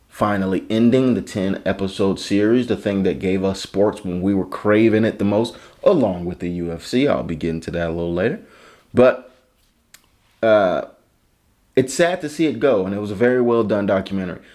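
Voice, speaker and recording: A man's voice: fairly low pitch, a little mellow. Profane, ranting male podcast host. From Chicago. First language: English. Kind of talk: solo comedic rant.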